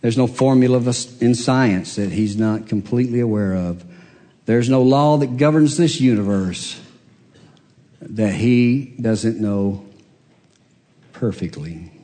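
A pastor preaches a sermon, telling a story and acting out the voices of the people in it. His mid-range voice is mellow and a little slow, with frequent pauses. The recording carries the long reverb of a large hall.

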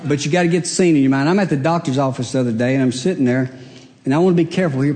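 A man's voice: mid-range voice, mellow. A man preaching a humorous sermon, a folksy storyteller who laughs along with his own jokes. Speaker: pastor. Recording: long hall reverb.

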